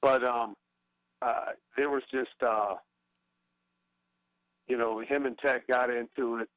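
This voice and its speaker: A man's voice: mid-range voice, steady tone, slow pace, a bit bright, dry recording, highs cut off. A middle-aged man, a former baseball player, talking as a guest in a casual interview, hesitant with many fillers and restarts.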